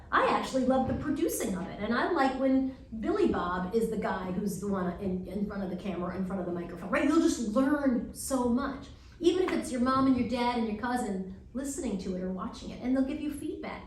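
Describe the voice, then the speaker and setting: A woman from Long Island, New York, speaking as a guest at a student Q&A, giving advice in an animated way and acting out quick voices in her asides. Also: fairly high pitch. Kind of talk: lively advice talk at a Q&A. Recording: echoey room, heard from far off, faint noise.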